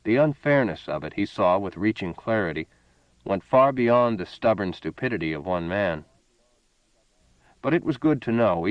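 A man narrating a story in a steady, measured reading voice. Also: on the low side, no echo, lo-fi sound. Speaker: audiobook narrator. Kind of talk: scripted narration.

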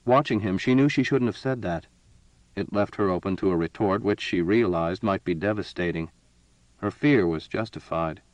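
A man reading a science fiction story as narrator, measured and steady. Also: deep voice, no echo, low-quality recording. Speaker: audiobook narrator. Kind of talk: scripted narration.

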